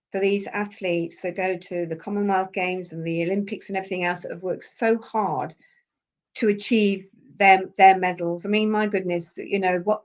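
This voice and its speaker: A woman talking with heartfelt feeling as a podcast guest, often circling back over her words. Her voice sits in an ordinary middle pitch. The recording sounds a little dull. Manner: heartfelt, repeats herself when moved. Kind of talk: emotional interview conversation.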